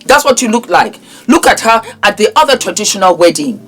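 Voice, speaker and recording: Speaking a little fast with lively intonation, this middle-aged woman rants on social media as a vlogger, lecturing a man to his face. Her medium-pitched voice sounds husky with a touch of brightness.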